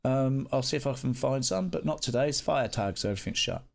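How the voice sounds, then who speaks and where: A man's voice: mid-range voice, expressive, fast talker, creaky. A man, live streaming and chatting casually with his viewers, greeting them by name and swearing freely. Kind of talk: casual chat reading live chat.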